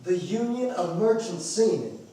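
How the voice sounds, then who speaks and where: An actor gives a blunt young warehouse worker who teases his friend. His voice is high and jumps around in pitch. The theater is very echoey, the mic far away and faintly hissy. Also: animated, a little slow, dark tone. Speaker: stage actor. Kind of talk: live stage play acting.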